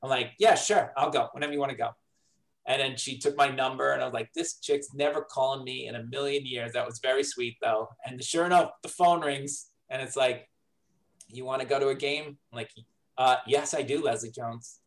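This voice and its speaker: A middle-aged man, a comedy writer telling a story casually in an interview, lively and acting out quoted lines. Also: mid-range voice, moderate pace, creaky, rough recording. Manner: animated, acts out quoted dialogue.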